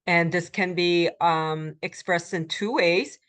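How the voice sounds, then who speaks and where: Woman, Korean instructor, recorded lecture, somewhat low voice, halting with fillers, repeats phrases for students. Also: fairly even intonation, a bit bright, clean tone. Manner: explanatory, repeats Korean phrases slowly for learners; frequent ums and uhs.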